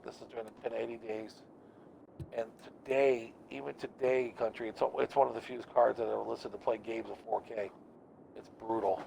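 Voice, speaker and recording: A man's voice: medium pitch, steady tone, moderate pace, gravelly, darkish tone, a little hiss or hum. A man streaming a game, chatting casually and telling stories with lots of swearing and laughter. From United States. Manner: profane, laughing storyteller. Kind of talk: casual chat while gaming.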